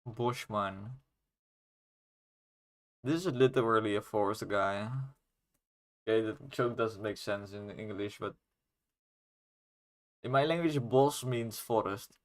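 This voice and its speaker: A man's voice: lowish voice, takes it slowly, pauses often. A man from the Netherlands with a Dutch accent, chatting casually while streaming his game development and rambling in a joking, self-mocking way. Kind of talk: casual livestream chat.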